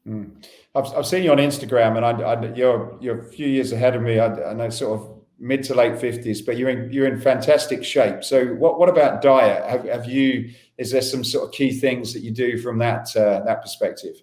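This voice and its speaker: A man hosting a podcast interview, asking questions in a halting way and often restarting them. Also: medium pitch, darkish tone. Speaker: podcast host. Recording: echoey room.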